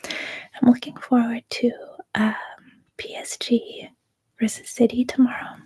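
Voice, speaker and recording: Canadian woman, 30s, whispering asmr stream chat, really breathy, kinda high and flat. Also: unhurried. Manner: soft-spoken, rambling, chatty.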